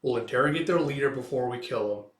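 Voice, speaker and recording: A man's voice: medium pitch, a little fast. Male host for a casual comic read-through with a roomy echo and plenty of fillers. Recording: echoey room.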